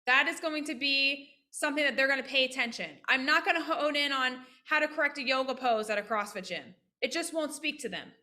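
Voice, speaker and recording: A woman physical therapist teaching practice owners on a video call, lively and interactive, often asking questions. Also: high-pitched, fairly quick, few pauses. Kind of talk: casual online teaching with role-played examples.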